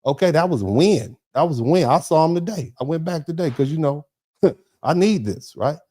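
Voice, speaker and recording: A middle-aged American man hosting a livestream, reading chat comments and riffing in a lively, preacherly way, acting out little dialogues. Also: moderate pace. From United States. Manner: animated, preacherly, acts out dialogues; drops to low, quiet tone when telling a personal story.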